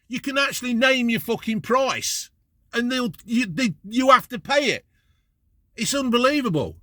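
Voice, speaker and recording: Man, high bright voice, blunt sweary rant, dry sound in a parked car. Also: expressive, normal speed, no room sound. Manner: blunt, heavy swearing, exasperated. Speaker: vlogger. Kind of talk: ranting to camera.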